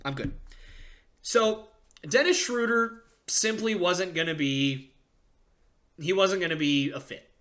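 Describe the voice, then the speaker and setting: Excitable young man ranting about sports. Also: sits high, takes it slowly, pauses often. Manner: excitable, ranting, with frequent fillers and restarts. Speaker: podcast host. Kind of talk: casual sports podcast rant.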